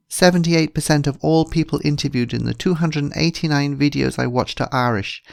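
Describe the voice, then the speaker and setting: Bjorn is a booming, high and jolly fake Irishman , put on by a male narrator, laying the stage-Irish charm on thick. He sounds much higher and louder than the reader's own voice. Every line is brash and over the top. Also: vocal fry, no room sound, clean studio sound, natural voice. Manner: loud, jolly, overdone stage-Irish phrasing. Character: Swedish man faking hearty Irish charm.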